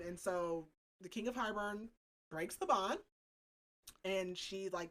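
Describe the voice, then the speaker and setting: A young woman co-hosting a podcast, recapping a novel in casual chat, animated and filling her talk with "like" and "um". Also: mid-range voice, a little slow. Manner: animated, full of "like" and "um". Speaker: podcast co-host.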